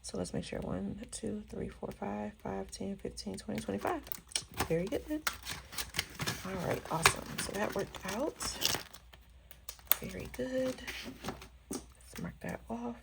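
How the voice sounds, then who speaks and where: Chatty woman with gravelly voice. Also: medium pitch, a little slow, pauses often, heavy background noise. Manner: chatty, counts bills aloud, addresses viewers as y'all. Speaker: budgeting vlogger. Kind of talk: casual cash-stuffing vlog chat.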